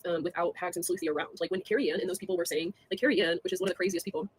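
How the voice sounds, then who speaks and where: A young woman on a casual livestream, talking fast with lots of fillers, scornful and laughing between jabs at people. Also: fairly low pitch, fairly even intonation, a little hiss or hum.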